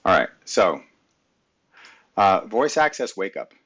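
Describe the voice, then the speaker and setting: A man's voice: sits low, very animated, slow pace, fairly bright tone, husky, muffled recording. A middle-aged man hosting a live stream, talking casually through his screen and muttering back at his computer, recorded on a webcam mic. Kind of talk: casual screen-share talk.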